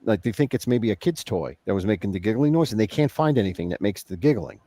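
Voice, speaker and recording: A man's voice: on the low side, expressive, quick pace, dark tone, no room sound. A man hosting a livestream, talking casually and rambling with restarts. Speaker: livestream host. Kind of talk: casual chat.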